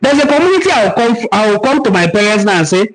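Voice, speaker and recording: High-voiced Nigerian man teaching earnestly. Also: sing-song, quick pace, poor audio. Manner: earnest, preaching, repeats words for emphasis. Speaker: host of a cultural forum. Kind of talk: live-stream teaching and answering viewer comments.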